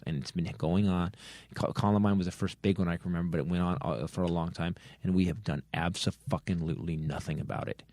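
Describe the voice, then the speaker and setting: A man's voice: sits low, steady tone, fast, a little mellow, no room sound. A middle-aged man hosting a comedy podcast, swearing as he rants earnestly with many restarts. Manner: swears heavily, earnest angry rant with restarts. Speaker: podcast host. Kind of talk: comedy podcast chat and rant.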